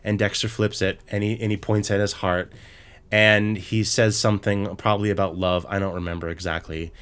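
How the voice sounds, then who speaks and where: A man with a fairly low voice co-hosts a casual podcast. He retells a show in an exasperated, swearing rant and keeps stumbling and restarting his sentences. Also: little pitch movement, moderate pace, a bit bright, clean tone. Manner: profane, exasperated ranting with many restarts. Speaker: podcast co-host.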